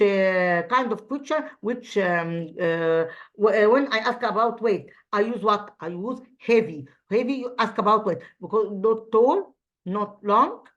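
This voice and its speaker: A woman's voice: medium pitch, highs cut off. Hesitant Egyptian woman teaching English. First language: Arabic. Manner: hesitant, many fillers and restarts. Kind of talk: recorded online grammar lesson.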